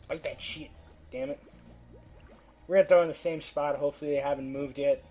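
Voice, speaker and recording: A gameplay commentator gives casual let's-play narration, swearing and trash-talking the fish while pleading with them to bite, first coaxing and then growing frustrated. His voice is on the high side, creaky and dark, and fairly quick.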